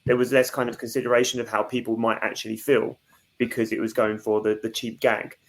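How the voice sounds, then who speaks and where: A man's voice: mid-range voice, little pitch movement, fairly quick. A man, a podcast co-host who reflects aloud in casual chat, stopping often with fillers. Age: 30s.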